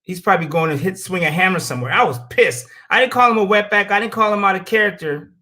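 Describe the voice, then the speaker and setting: An American show host with a high, bright, forceful voice talks fast through a heated, profane opinion monologue. He's blunt and ranting, telling stories and acting out the quotes.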